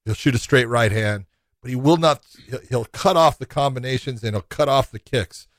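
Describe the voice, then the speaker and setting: A man's voice: medium pitch, moderate pace, no echo. A man co-hosting a casual fight talk, easygoing and leaning on "you know" as he goes. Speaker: co-host. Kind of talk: casual fight breakdown chat.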